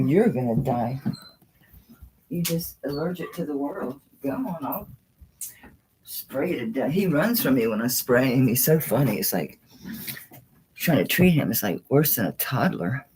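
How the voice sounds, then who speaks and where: A woman's voice: very deep voice, lively intonation, normal speed, a little mellow, slight background noise, rough recording. A woman running a live online jewelry auction in casual chat, cooing at her dog between bids.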